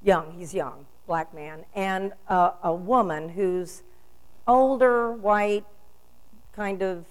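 A woman's voice: medium pitch, slow, clean tone, low-quality recording. Older woman preaching, rhetorical questions. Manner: storytelling, rhetorical questions, emphatic. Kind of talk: sermon.

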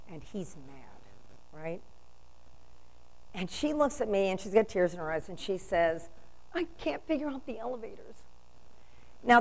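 A woman's voice: medium pitch, poor audio. An older woman delivering a storytelling sermon, asking rhetorical questions with emphasis.

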